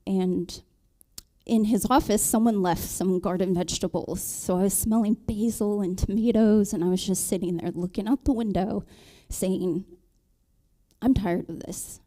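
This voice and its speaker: A married woman on a panel, telling her conversion story in a halting way, with many ums and restarts. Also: medium pitch, steady tone, warm tone. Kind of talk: personal testimony in a panel talk.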